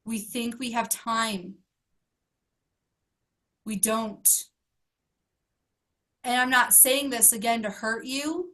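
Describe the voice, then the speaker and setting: Slow, earnest woman life coach. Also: a little high, fairly bright tone. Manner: earnest, emphatic, repeating questions. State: emotional, close to tears. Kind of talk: motivational talk to a group.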